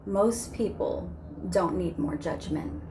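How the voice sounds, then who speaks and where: A woman's voice: fairly low pitch, slow pace, background noise. A woman vlogger giving impassioned spoken commentary, emphatic and driving points home with sermon-like repetition.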